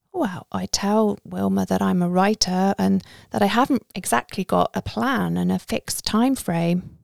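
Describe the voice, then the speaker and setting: A woman's voice: medium pitch, a little slow, creaky, few pauses, a little mellow, no room sound, studio quality. A woman narrating a story in a conversational first-person way.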